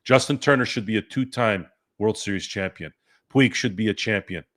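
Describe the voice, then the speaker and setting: A man's voice: lowish voice, moderate pace, a bit bright. A man hosting a live-stream sports chat, ranting and cursing in a fired-up way. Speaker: sports podcast host.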